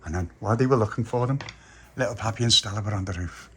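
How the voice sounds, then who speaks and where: A man's voice: on the low side, fast, husky. A man telling a playful improvised story, slipping into character voices and ghostly wails. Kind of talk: improvised bedtime-style storytelling.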